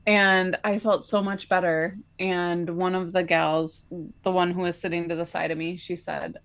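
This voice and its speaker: A woman co-hosting a podcast tells a personal story in an easy, conversational way, peppering her talk with filler likes. Her voice sits a little low for a woman. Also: level tone, moderate pace. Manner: chatty, many filler likes, laughs between phrases. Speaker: podcast co-host.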